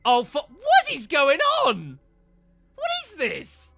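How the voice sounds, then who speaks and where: A male streamer talks through a live game, his voice swinging widely up and down in pitch and ringing bright. He sounds exasperated and keeps addressing his viewers directly. Faint game music plays behind him. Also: wildly swooping pitch, slow, vocal fry, no room sound. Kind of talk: live gameplay commentary.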